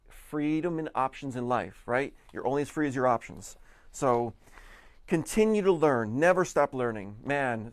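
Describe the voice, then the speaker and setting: A man gives an earnest motivational talk in a medium voice, neither high nor low. He often trips over his words and repeats them as he drives his point home. The sound is dry and close, with little room echo. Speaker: speaker giving a motivational talk.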